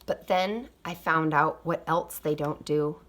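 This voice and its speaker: A woman reading a children's picture book aloud, expressive, with quiet asides. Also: sits low, a little slow. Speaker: storybook reader. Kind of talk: storybook read-aloud.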